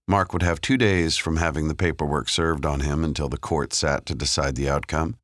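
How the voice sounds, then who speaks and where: A man narrating a thriller audiobook in a measured, even storytelling manner. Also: a bass voice, no room sound. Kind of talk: scripted narration. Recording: dry close studio sound.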